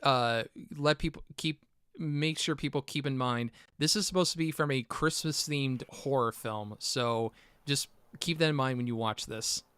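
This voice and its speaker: A man's voice: mid-range voice, moderate pace, fairly bright tone, clear, resonant tone, no echo, studio quality. A young man hosting a casual film chat, rambling with many fillers and acting out movie quotes. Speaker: podcast host.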